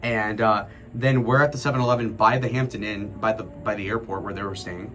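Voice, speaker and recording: This twenty-something streamer spins a long tale on a relaxed livestream, swearing freely and rambling as he animatedly retells it. He speaks fairly quickly in a fairly low voice.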